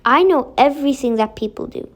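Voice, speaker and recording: A woman's voice: sits high, animated, fairly quick. A woman doing a stern punishing fairy. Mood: firm. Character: stern, plain-faced fairy woman who punishes wrongdoing.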